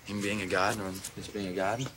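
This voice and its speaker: An actor playing an easygoing young man, a devoted son who talks in a chatty, gently coaxing way. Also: lowish voice, flat delivery, fast, noisy background, lightly acted. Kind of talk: film acting.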